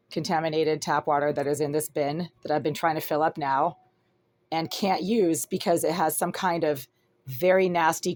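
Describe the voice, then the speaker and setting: A woman's voice: fairly low pitch, a little hiss or hum. A woman filming a vlog in her small apartment on a phone, talking in an insistent, repetitive way and piling up descriptions as she goes. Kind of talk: agitated first-person complaint vlog.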